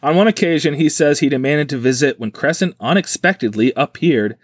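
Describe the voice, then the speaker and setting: A man's voice: a little high, brisk, no room sound, clean studio sound. A man hosting a podcast, retelling a strange story in casual, joking chat and acting out the quotes. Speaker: podcast host.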